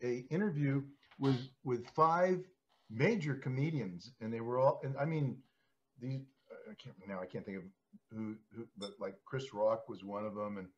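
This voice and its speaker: A man hosting a podcast in casual chat, telling stories in a rambling, animated way. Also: mid-range voice, normal speed. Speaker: podcast host. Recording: slightly dull podcast audio.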